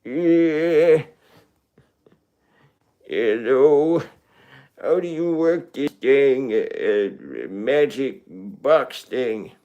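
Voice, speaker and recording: Man voicing a crotchety old-timer, slow drawl, grumbling at gadgets. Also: mid-range voice, dark tone. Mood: grumpy. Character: grumpy old man, confused by technology.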